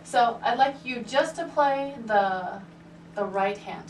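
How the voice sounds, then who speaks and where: Her voice on the high side and her pace slow, a woman coaches a private piano lesson in a room with a piano. She's encouraging and patient, peppering her guidance with "right?" and "okay," and the roomy, distant recording has piano playing and a little hiss or hum.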